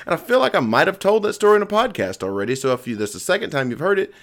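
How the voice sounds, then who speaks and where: Man, podcast host, lively swooping voice, rambling, jokey. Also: fairly high pitch, racing. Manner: rambling, jokey, lots of ums. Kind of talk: casual podcast chat.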